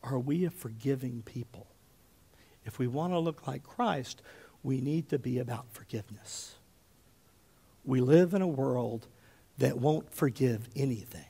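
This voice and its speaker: A man in his fifties preaching a sermon as pastor, telling stories with big swings between loud and hushed, often checking in with "okay?". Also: medium pitch, a little slow, creaky, long pauses, breathy edge. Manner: animated storyteller, often checks in with "okay?", drops to a hush for quotes.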